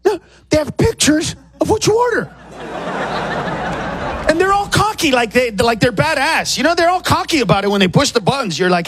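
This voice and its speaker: A man doing a stand-up comedy set in a club, ranting in exasperation and acting out shouted exchanges. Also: very high-pitched, very animated, moderate pace. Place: comedy club with a laughing audience. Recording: live club recording with crowd noise.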